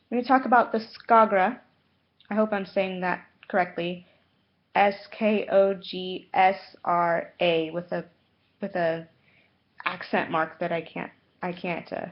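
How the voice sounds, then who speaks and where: A woman talking to her viewers in a slow, unhurried way, stopping often to search for words and correct herself. Her pitch sits in an ordinary middle range. The sound is dull and lo-fi, like a home video. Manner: halting, many fillers and self-corrections. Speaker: spiritual vlogger. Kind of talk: casual talk to camera.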